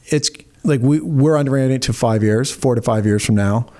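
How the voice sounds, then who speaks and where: A man from Canada speaking as a guest in a casual interview, relaxed and agreeable. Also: mid-range voice, brisk. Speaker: guest, real estate investor.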